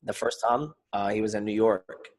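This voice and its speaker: A man co-hosting a casual podcast, talking in an animated, rambling way and swearing freely. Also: fairly low pitch, moderate pace. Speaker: podcast co-host, fighter. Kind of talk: casual chat.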